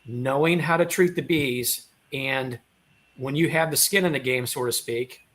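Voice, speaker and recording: A man's voice: mid-range voice, measured pace, fairly bright tone. A man hosting a casual livestream chat, agreeable and thinking aloud as he speaks. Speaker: host.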